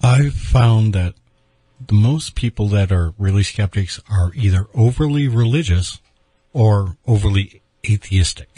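Podcast co-host, man, low mellow husky voice, measured delivery, dry sound. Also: no echo. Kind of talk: casual podcast talk.

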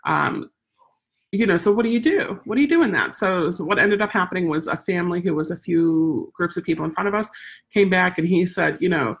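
A woman's voice: fairly low pitch, a little fast, gravelly. A woman vlogger casually telling a story in a rambling, repetitive, exasperated way. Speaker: vlogger, service dog handler.

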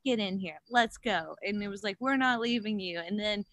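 A woman chatting casually as a podcast guest, an animated storyteller who acts out quotes, with many fillers. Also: medium pitch, moderate pace, dry recording. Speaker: guest, gravel bike racer.

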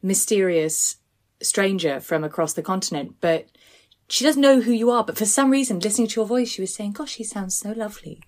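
A woman's voice: medium pitch, fairly quick. A woman co-hosting a podcast, chatting casually in a self-deprecating way. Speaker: podcast co-host.

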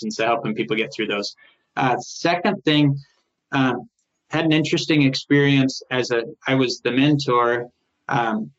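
Middle-aged man, firm manager, recounts anecdotes animatedly with mid pitch; slightly dull recording. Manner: animated, rises in pitch when quoting others, frequent restarts. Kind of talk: conversational storytelling interview. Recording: slightly muffled, lo-fi sound.

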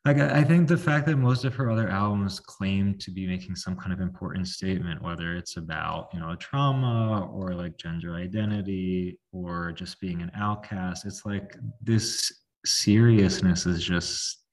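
A man hosting a podcast, chatting casually with a lot of filler "like" and lively opinions. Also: low-pitched, normal speed, few pauses, recorded from a distance. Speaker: podcast host. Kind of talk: casual conversational chat.

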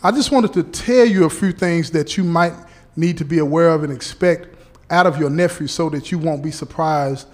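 A man playing a parole officer who explains things slowly and deliberately, checking in often with "okay?" and "right?". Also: fairly high pitch, natural voice. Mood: explaining. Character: patient male parole officer briefing a relative.

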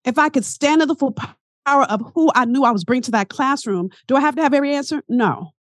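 A woman guest, a coach and teacher, talking in a casual interview as an animated, emphatic storyteller. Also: sits high, fast, dry recording, studio quality.

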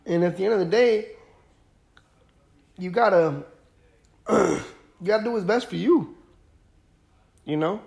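Slow, gravelly young man talking sports. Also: high voice, a little mellow. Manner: laid-back, rambling, lots of fillers and repeats. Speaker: podcast host. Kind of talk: casual sports talk.

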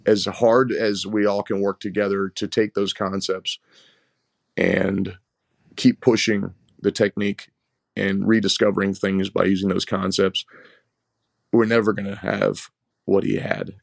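A head wrestling coach with a low-sitting voice and vocal fry talks a little slowly, sharing animated, meandering stories in a casual interview and frequently repeating himself. The studio sound is clean, with no echo.

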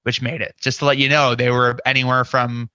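A man's voice: mid-range voice, flat delivery, fairly quick, sharp tone, no room sound, highs cut off. A man guesting on a podcast, telling a story casually with lots of "you know" and acted-out inner quotes. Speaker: podcast guest, scare actor.

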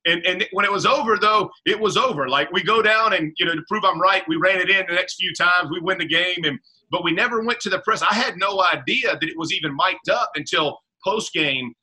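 A man, a former pro football player, telling animated casual stories in an interview, with colloquial talk and repeated words. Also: high-pitched, fairly quick, slightly rough.

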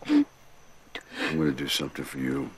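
An actor playing a hard, menacing male enforcer with a gravelly, raspy voice and a low, threatening murmur in film dialogue. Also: huge pitch swings, normal speed, full character voice.

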